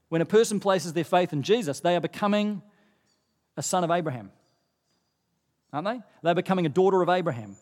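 A middle-aged man preaching a sermon to a congregation in a church hall, animated and rising in pitch when he stresses a point. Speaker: pastor. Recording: long reverb of a church hall.

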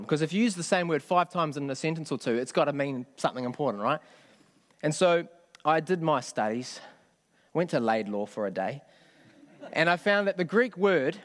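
A man preaching a sermon in a conversational way, often asking the congregation questions. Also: a little high. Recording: long hall reverb.

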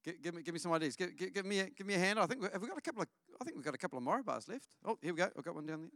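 A man's voice: high voice, rapid-fire, no room sound, clean studio sound. A middle-aged man, preaching a sermon and telling family stories while asking the congregation questions. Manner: storytelling, lively with audience questions. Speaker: pastor. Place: church.

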